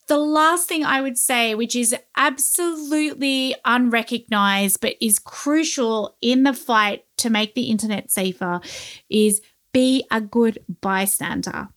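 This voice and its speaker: Woman from Australia, guest journalist; earnest, emphatic delivery, slightly high pitch. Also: measured pace, fairly bright tone. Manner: earnest, emphatic advice-giving. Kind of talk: remote interview.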